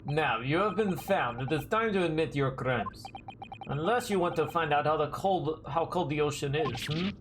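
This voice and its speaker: A man voicing a gruff male Russian sailor interrogating a stowaway, with a put-on Russian accent and stiff, broken phrasing, over game music. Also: a little high, animated, moderate pace, a little hiss or hum, close to an everyday voice. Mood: menacing.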